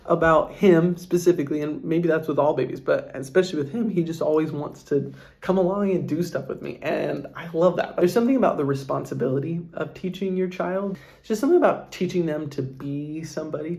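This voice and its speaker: Earnest young dad with a gravelly voice. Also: male voice, on the high side, a little mellow. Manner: earnest, heartfelt, rambling with many fillers. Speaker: vlogger and father. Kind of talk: casual Q&A vlog.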